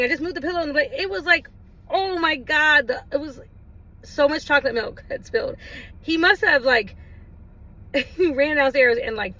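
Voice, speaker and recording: A woman with a high, bright voice tells a casual personal story to the camera. She laughs often and swings into big, exaggerated exclamations when she acts out what was said. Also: poor audio. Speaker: vlogger.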